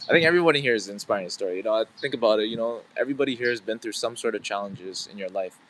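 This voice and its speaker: Guy in his 30s rambling to stream chat outside on his phone, lowish voice, bit of traffic hum. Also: very fast, fairly bright tone, poor audio. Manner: rambling, filler-heavy, chatting with viewers. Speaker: livestream host. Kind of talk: casual live-stream chat. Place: outdoors, about to head into work.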